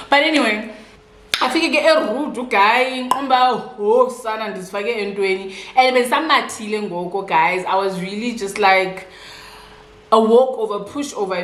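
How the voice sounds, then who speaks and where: A young South African woman with a Xhosa-influenced accent, telling a casual storytime while eating, chatty and animated. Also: on the high side, roomy sound. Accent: South African, Xhosa-speaking. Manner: chatty, code-switching, animated retelling. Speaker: vlogger.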